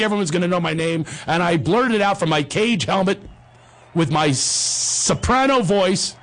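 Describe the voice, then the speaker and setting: A middle-aged man hosting a talk show, telling a comic story in an animated, jokey way. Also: high voice, moderate pace. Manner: animated, jokey storyteller who acts out the voices. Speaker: host.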